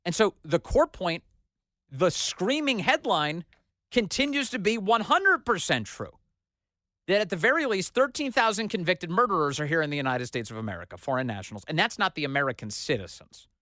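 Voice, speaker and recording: A man's voice: high voice, very animated, fairly quick, pushed and bright, no room sound, studio quality. A man hosting a talk radio show, delivering an emphatic, sarcastic opinion monologue.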